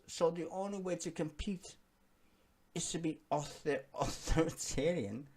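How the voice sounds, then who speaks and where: A man's voice: a little high, a little slow, a little mellow. A man ranting through a political reaction video, swearing freely and pressing each point hard. He breaks into laughter between angry stretches. His delivery stays heated and emphatic throughout. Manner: laughs often while talking. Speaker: political commentary vlogger.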